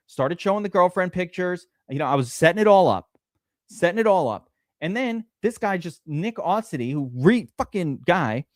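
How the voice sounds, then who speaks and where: Excitable, swearing male draft streamer. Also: a little high, no echo, clean studio sound. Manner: excitable, profane, rambling. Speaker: streamer host. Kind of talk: live-stream draft commentary.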